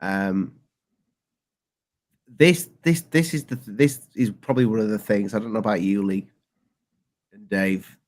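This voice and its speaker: A man co-hosting a casual podcast chat, talking haltingly and restarting his sentences. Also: lowish voice, darkish tone. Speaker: co-host.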